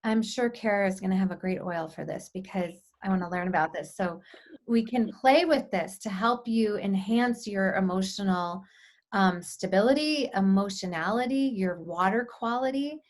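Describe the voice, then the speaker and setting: A woman co-hosting a casual spiritual workshop on a video call, speaking in a gentle, inviting way with some fillers. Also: medium pitch, moderate pace. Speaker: workshop co-host.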